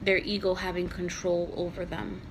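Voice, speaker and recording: A woman speaking to camera about faith and the ego, earnest and heartfelt, with slow emphatic repetitions and soft near-whispered phrases. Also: lowish voice, monotone, a little hiss or hum, poor audio. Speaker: mother sharing spiritual reflections. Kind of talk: personal reflective monologue.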